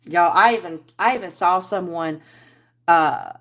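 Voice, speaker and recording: A woman's voice: fairly low pitch, unhurried, a bit bright. A woman hosting a casual livestream, rambling and chatting with viewers while she crafts. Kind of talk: casual live-stream chat while crafting.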